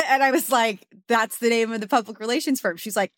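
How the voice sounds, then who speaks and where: A young adult woman co-hosting a casual chat show, animated and quick to laugh. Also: on the high side, no room sound, clean studio sound. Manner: animated, laughing often, playful. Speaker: podcast co-host.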